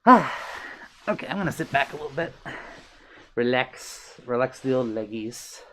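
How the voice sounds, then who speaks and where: A man on a live stream, chatting with viewers in a friendly, easygoing way. His pitch sits in the middle for a man. He reads chat messages aloud and fills the gaps with ums and uhs. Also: expressive, moderate pace, pushed and bright, slight background noise. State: a little out of breath. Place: his own room on stream.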